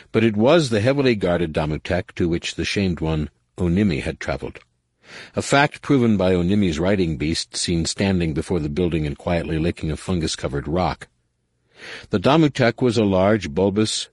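A man reading a novel aloud as an audiobook narrator, with measured, expressive delivery. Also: deep voice, breathy edge, dry recording, clean studio sound. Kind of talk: scripted narration.

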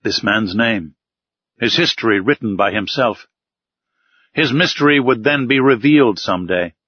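A man giving measured, formal first-person audiobook narration. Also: mid-range voice, expressive, husky, no echo. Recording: slightly dull, dry recording.

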